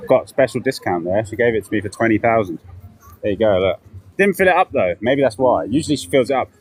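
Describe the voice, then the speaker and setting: A man's voice: lowish voice, expressive, quick pace. A man chatting casually during a walking live stream outdoors, rambling and telling stories as he goes. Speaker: vlogger. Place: outdoors on city streets. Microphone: handheld camera while walking.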